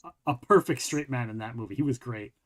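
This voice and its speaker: A man's voice: medium pitch, fairly quick, a crowd in the background. A man hosting a casual podcast, reading articles aloud and joking around, swearing freely. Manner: rambling, jokey, swears freely. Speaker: podcast host.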